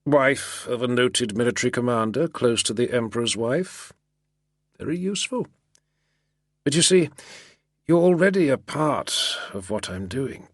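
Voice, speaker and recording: A man's voice: mid-range voice, animated, a little slow, no echo, studio quality, voice pushed up. Man voicing a sardonic drawling schemer. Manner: artful sardonic drawl, purring. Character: sly sardonic male schemer, smooth and persuasive. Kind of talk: audiobook character reading.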